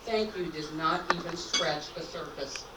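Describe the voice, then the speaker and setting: A woman's voice: sits low, measured pace, far from the mic. A middle-aged woman giving an earnest, sentimental toast as the groom's mother. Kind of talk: heartfelt wedding toast. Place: banquet hall at a rehearsal dinner. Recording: echoey hall recorded from afar, background noise.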